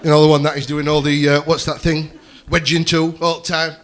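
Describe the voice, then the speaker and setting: A man's voice: fairly high pitch, level tone, brisk, a little hiss or hum. A man doing a rambling stand-up set, swearing freely and chatting with the crowd from a comedy club stage.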